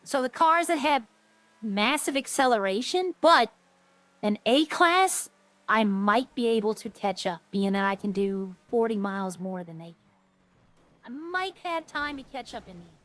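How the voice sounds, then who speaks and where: A woman's voice: on the high side, animated, a little slow, fairly bright tone, no room sound. A woman streaming a game, chatting casually with viewers and thinking aloud in a rambling way. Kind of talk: casual gameplay chat to viewers.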